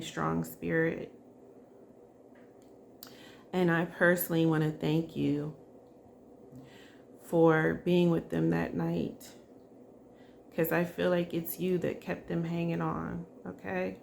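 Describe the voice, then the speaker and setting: A woman doing a psychic spirit reading, speaking softly and emotionally and addressing the spirit directly. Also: deep voice, vocal fry, slight background noise. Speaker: psychic reader.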